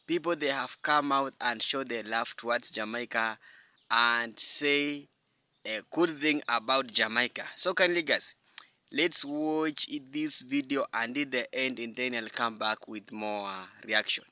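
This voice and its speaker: A man hosting a reaction channel, his voice very bright and crisp in a dry, close sound. He speaks earnestly, stopping and restarting as he introduces the clip. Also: medium pitch, no echo. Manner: earnest, halting.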